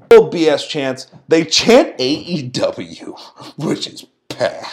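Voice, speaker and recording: A man's voice: high-pitched, expressive, takes it slowly. A man co-hosting a podcast, recapping events in a sarcastic, incredulous rant. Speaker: podcast co-host. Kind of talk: casual recap commentary.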